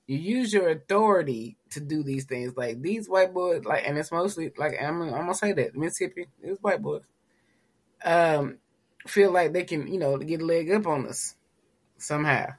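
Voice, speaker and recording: A fairly high, breathy voice at normal speed belongs to this Tennessee man co-hosting a podcast. His casual talk drifts in a relaxed, storytelling way, full of "you know."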